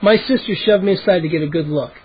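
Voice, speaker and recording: A man's voice: sits high, fast, a little hiss or hum. A man cold-reading a children's book aloud, with occasional slips and restarts, in a dull lo-fi home recording. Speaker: audiobook reader. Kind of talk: cold-read storybook narration.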